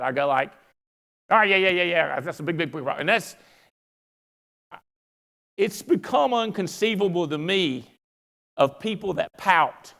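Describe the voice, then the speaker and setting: A man with a drawl speaks to a convention crowd, folksy and easily excited as he rambles through stories. His voice sits a bit high and has a gravelly edge. The sound carries a long reverb from the large hall. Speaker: company founder speaking at a convention. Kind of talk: motivational convention speech.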